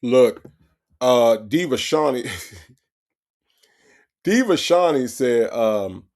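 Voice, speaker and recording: Gravelly man hosting a livestream. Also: medium pitch, extremely slow. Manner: animated, profane, repeats himself, talks to chat. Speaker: livestream commentary host. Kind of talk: casual reaction commentary.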